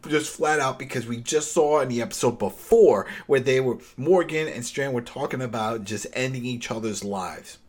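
Man, husky voice, mid pitch, podcast co-host, animated casual recap. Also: normal speed, few pauses. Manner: animated storytelling, laughing and acting out characters. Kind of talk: casual chat.

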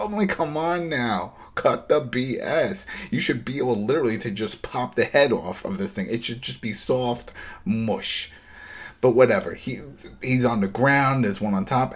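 A man's voice: medium pitch, husky. A man hosting a podcast, recapping an episode in casual chat and acting out characters' lines with animation. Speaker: podcast host.

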